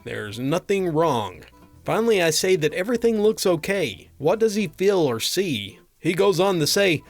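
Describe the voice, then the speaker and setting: Here a man narrates humorous doctor-patient anecdotes with dry comic timing, his high-pitched voice sing-song and at normal speed. Soft background music accompanies the reading.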